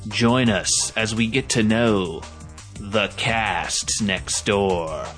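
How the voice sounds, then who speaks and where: Slow low man's intro over music. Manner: slow, drawn-out delivery. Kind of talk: dramatic podcast intro.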